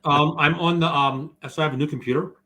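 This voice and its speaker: A man chatting as a guest on a livestream over a video call, halting and eating while he talks. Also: fairly high pitch, fairly even intonation, pushed and bright. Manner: halting, eats while talking. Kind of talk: casual livestream chat.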